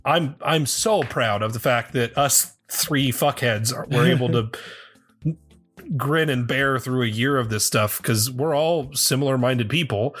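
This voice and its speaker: A man's voice: mid-range voice, unhurried, a bit bright, breathy edge, faint music behind. A young man co-hosting a tabletop game podcast, chatting candidly and swearing freely as he reminisces. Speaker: podcast co-host and player. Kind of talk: casual chat.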